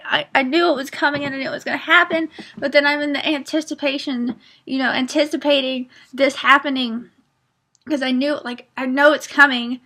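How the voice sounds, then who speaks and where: A woman with a high, bright voice talks through a book review in a casual vlog. She is earnest and rambling, with lots of fillers and restarts. She is openly emotional and close to tears.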